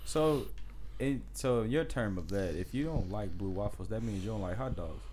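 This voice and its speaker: A man's voice: lowish voice, moderate pace, background noise. A man teasing his friends with profane banter in a casual group chat. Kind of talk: crude joking group chat.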